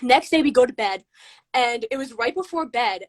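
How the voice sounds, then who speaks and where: High-voiced young woman telling a ghost story. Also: no echo. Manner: excited, rushed telling with many "like"s. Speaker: guest storyteller. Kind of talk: casual storytelling on a livestream.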